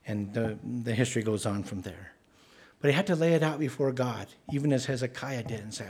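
A man's voice: mid-range voice, a little fast, darkish tone, slightly rough. A man preaching a sermon in an earnest, conversational way, often restarting his words.

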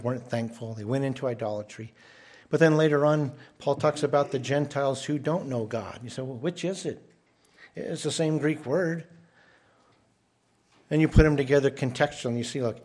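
Male pastor, mid-range voice, earnest sermon delivery with repeats and emphatic rises. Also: a little mellow. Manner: earnest, repeats words when restarting, rises in pitch for emphasis. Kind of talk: expository sermon.

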